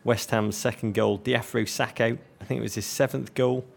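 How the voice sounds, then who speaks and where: A man's voice: medium pitch, steady tone, normal speed, creaky. A man from North West England co-hosting a football podcast, talking in a florid, joking way full of vivid comparisons. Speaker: podcast co-host. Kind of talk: comic football chat.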